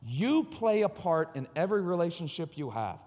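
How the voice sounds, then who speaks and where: A man's voice: fairly high pitch, sing-song, normal speed, darkish tone, dull audio. A man giving a candid, personal talk at a conference, acting out bits of dialogue as he tells his stories. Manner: candid, acts out quoted dialogue. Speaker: conference speaker on parenting and marriage. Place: conference hall. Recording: long reverb of a large hall.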